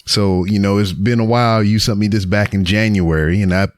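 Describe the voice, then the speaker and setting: A man's voice: on the low side, steady tone, a little fast, no echo, clean studio sound. A man hosting his own podcast, talking casually to camera and cursing through a joking roast. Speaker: podcast host. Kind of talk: casual solo podcast segment. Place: home recording setup on camera. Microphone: camera with mic.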